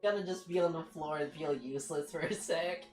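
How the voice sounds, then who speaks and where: A woman's voice: deep voice, brisk, a little mellow. A woman streamer chatting live to her viewers, flustered, self-mocking and apologetic, often exclaiming. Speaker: virtual streamer. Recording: echoey room, faint background music.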